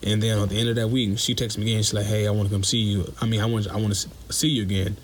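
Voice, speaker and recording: Casting note: young male caller, lowish voice, slangy and blunt, faint noise behind. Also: level tone, racing. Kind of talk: telling a personal story.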